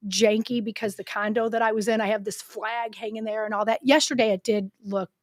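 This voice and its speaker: A middle-aged woman co-hosting a podcast in casual chat, chatty and quick to agree and joke. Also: on the high side, steady tone, no room sound, clean studio sound. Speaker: podcast co-host.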